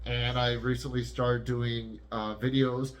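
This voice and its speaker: A man's voice: medium pitch, flat delivery, measured pace. A young man co-hosting a podcast, rambling and correcting himself as he chats casually. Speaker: podcast co-host.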